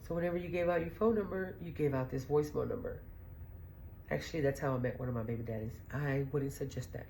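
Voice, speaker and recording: A woman's voice: very deep voice, quick pace, vocal fry, dark tone, slight background noise. A middle-aged woman hosting a podcast, telling stories in a blunt, profane, rambling way and laughing as she goes. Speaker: podcast host. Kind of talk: casual storytelling monologue.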